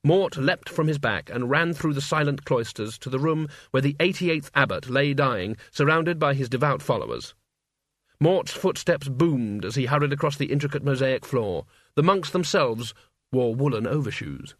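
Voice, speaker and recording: A man narrating an audiobook in a measured, dry storytelling manner. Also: medium pitch, animated, no room sound. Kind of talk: scripted narration.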